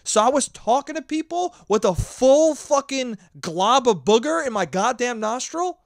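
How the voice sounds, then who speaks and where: A young man hosting his own podcast, ranting with lots of swearing and sometimes shouting into a handheld mic. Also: extremely high pitch, unhurried, no room sound, clean studio sound. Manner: profane, animated ranting; shouting at times. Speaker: podcast host. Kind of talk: solo podcast monologue.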